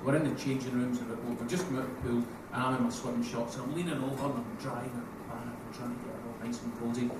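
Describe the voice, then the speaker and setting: A man with a Scottish accent doing a crude, animated stand-up comedy set, slipping into put-on voices. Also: mid-range voice, fast, hardly any pauses. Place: live comedy venue with audience. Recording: echoey room, mic heard from far off, noisy.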